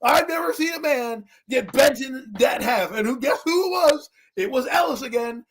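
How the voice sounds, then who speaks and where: A husky, high-pitched man recounts a football game on a sports talk stream. He jumps between quiet asides and loud exasperated outbursts. His voice is breathy and pitched well above most men. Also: moderate pace. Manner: excitable storyteller, swings from low muttering to loud outbursts. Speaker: co-host. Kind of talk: animated sports chat.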